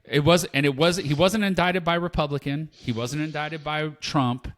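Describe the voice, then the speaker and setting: A man's voice: fairly high pitch, fairly even intonation, normal speed. A man co-hosting a podcast, ranting in casual chat and hammering his points home with repetition. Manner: heated, emphatic, repeats points. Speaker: podcast co-host.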